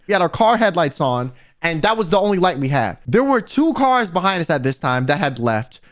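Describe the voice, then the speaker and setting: A young man tells a story to his viewers in a high, animated voice that swings up and down. He sounds exasperated and talks straight to the listener, casual and chatty. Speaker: vtuber storyteller.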